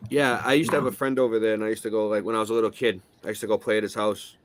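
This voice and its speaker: A man's voice: fairly low pitch, steady tone, racing, a little hiss or hum. A man with a Boston accent, rambling loosely in casual chat and swearing now and then. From Boston area.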